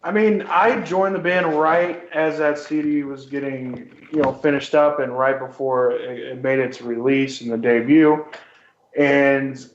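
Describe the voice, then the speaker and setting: Earnest male band member, halting. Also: medium pitch, steady tone, reverberant, muffled recording. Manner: earnest, halting, many fillers. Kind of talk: casual interview chat.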